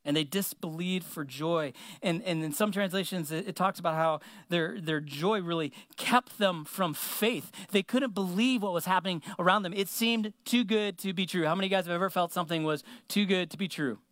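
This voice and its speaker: A man preaching a sermon in a relaxed, conversational way, slowing his words down to stress a point. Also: high-pitched, dry recording. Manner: conversational, slows words down for emphasis.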